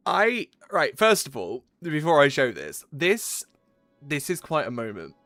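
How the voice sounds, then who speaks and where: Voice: mid-range voice, huge pitch swings, unhurried, a bit bright, no echo, faint music behind. A game streamer, talking live in an effusive, exclaiming way and swearing freely.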